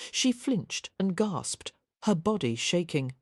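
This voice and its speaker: A woman narrating a historical romance audiobook in a soft, measured storytelling manner. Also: on the low side, big pitch swings, dry recording, clean studio sound. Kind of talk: scripted narration.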